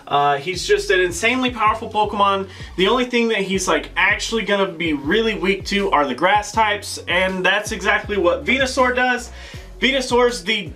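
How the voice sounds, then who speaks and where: A man's voice: sits high, moderate pace, pushed and bright, soft background music. A man hosting his gaming channel, explaining team strategy in a chatty, casual way and leaning on filler words.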